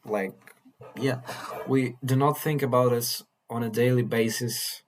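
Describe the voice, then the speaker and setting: A man vlogging in a casual monologue, earnest and halting, often repeating and restarting his phrases. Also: mid-range voice, steady tone, a little hiss or hum, rough recording. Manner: earnest, mildly swearing.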